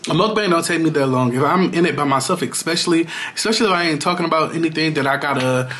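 A man's voice: on the high side, fast, a bit bright, slight background noise. A man talking casually to his viewers in a home vlog, playful and loose with slang and fillers. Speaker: vlogger. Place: home, at his computer and kitchen.

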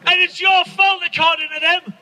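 Male comic, outdoor crowd set; sharp, piercing, loud ranting delivery. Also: extremely high pitch, level tone, moderate pace, poor audio. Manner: loud, ranting, profane, shouting punchlines. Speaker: stand-up comedian. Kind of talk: stand-up rant to an outdoor crowd. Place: outdoors at a protest gathering.

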